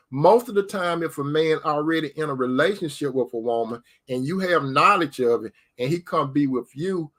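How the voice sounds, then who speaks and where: A man's voice: fairly high pitch, fairly bright tone. A man giving preacher-style relationship advice, asking rhetorical questions and calling listeners sister. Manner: addresses listeners as sister, repeats key phrases.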